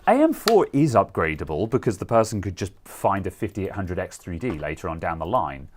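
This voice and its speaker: A man's voice: sits low, big pitch swings, brisk, darkish tone. A British man co-hosting a casual tech chat, chatty and rambling, often laughing and trailing off mid-thought. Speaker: co-host.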